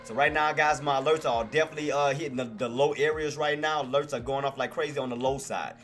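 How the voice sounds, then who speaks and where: A man's voice: mid-range voice, fairly even intonation, quick pace, a bit bright, faint music behind. A man hosting a live trading stream, hurriedly calling out price levels and repeating himself to chat. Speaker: stock trading livestream host. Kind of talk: live market commentary.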